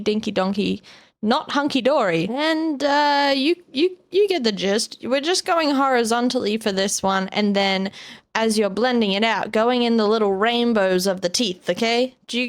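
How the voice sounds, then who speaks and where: A woman's voice: on the high side, no echo, studio quality. A young woman talking through a drawing tutorial in a playful, jokey way, chatting to viewers. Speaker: art tutorial host. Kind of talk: casual drawing tutorial voice-over.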